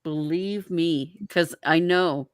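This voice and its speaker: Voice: medium pitch, slow pace, clean tone, no echo, studio quality. A speaker joining a casual chat with wry, playful banter.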